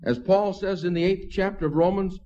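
A man with a high voice preaches a sermon in a relaxed, talky way, dropping in asides and soft chuckles. The recording is dull and lo-fi. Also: fairly quick. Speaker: pastor.

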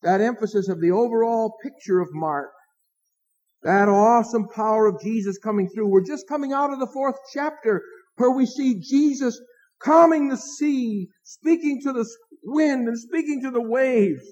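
Pastor, male, high-pitched, earnest preaching with dramatic pauses, dull lo-fi recording. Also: a little mellow. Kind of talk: evening sermon.

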